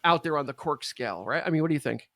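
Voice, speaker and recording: A man hosts a casual podcast chat with a notably high voice. His delivery is laid-back and chuckling, and the sound is close and dry. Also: lively intonation, fast, fairly bright tone, no echo. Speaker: podcast host.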